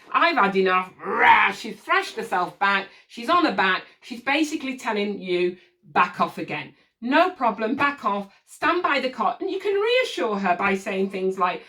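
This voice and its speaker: A woman teaching parents a soothing technique for settling a baby, speaking calmly and patiently and demonstrating soft shushing. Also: mid-range voice. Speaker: baby sleep consultant. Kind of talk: instructional demonstration. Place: room with a changing mat set up as a crib. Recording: voice from a distance from the mic.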